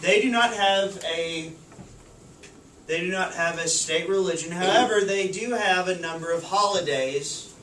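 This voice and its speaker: A man's voice: sits high, unhurried, pushed and bright. A man teaches a class, quizzing the students and repeating back what they answer. He is picked up from across the classroom, so the sound is roomy and a little distant, with faint noise behind it. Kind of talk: classroom lesson. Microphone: far camera. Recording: echoey classroom from far off.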